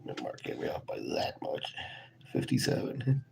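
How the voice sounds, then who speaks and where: A man streaming live as he searches coin rolls, mumbling and half-whispering to himself so he won't wake his sleeping kids, while still getting over a cold. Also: moderate pace. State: recovering from a cold. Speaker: coin-roll hunting vlogger. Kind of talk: casual live-stream commentary. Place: home room with sleeping kids.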